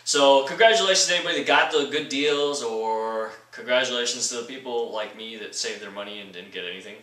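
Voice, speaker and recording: A man rants sarcastically in a vlog, joking as he rambles. His voice is bright and sharp. It sounds roomy and echoey, picked up from some distance. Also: mid-range voice, a little fast. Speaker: vlogger. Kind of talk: comedic rant vlog. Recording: roomy echo from a distant mic.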